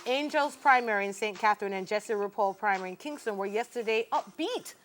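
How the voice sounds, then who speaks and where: A woman in her forties with a Jamaican accent, co-hosting a morning TV show in a lively, playful way and slipping into patois. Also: medium pitch, brisk. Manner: animated, playful, switches into patois. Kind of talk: lively studio chat and news reading. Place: TV studio.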